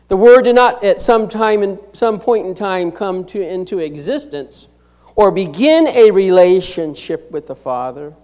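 High-voiced man preaching emphatically. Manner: emphatic preaching with sharp swings from loud to hushed. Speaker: pastor. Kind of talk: sermon.

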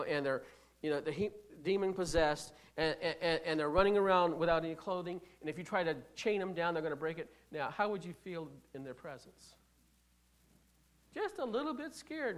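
A preacher giving a sermon, putting rhetorical questions to the congregation and swinging between loud stresses and quiet asides. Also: mid-range voice. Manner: frequent restarts while reading scripture.

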